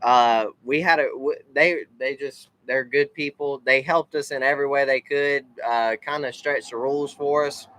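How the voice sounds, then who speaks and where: Southern guy, family vlog host, rambling thank-yous, mid pitch. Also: steady tone, moderate pace, few pauses, fairly bright tone, poor audio. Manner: rambling, lots of uh fillers. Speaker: racing family vlogger. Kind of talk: casual live recap, thanking people.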